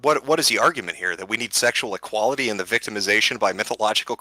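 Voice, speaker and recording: A man's voice: lowish voice, racing, hardly any pauses, pushed and bright, dry recording, low-quality recording. A man giving a sardonic, mocking video commentary in a scripted monologue.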